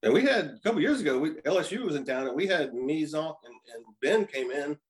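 A man in his fifties, a former pitcher, telling stories as a podcast guest and acting out quoted lines. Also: animated, fast talker. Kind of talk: casual storytelling.

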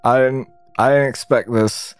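A man's voice: mid-range voice, steady tone, unhurried, clean tone. A man commentating while he plays a game, incredulous, swearing often and laughing at what is on screen. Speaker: gamer.

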